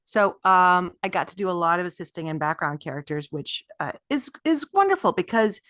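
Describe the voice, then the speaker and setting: Enthusiastic woman puppeteer, lowish voice. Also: expressive, brisk, fairly bright tone, no echo, studio quality. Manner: enthusiastic, with fillers and laughs. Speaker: puppeteer guest. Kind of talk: casual interview chat.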